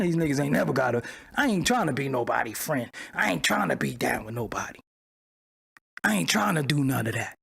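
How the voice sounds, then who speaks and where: Gravelly, animated male livestream ranter. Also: a little high. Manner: profane, mocking, confrontational; argues with chat viewers. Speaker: channel host. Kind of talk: livestream commentary rant.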